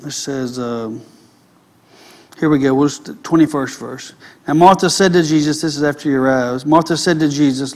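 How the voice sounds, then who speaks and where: This preacher's voice sits a little high. His sermon starts with slow scripture reading broken up by his own remarks, then swells into loud, passionate delivery.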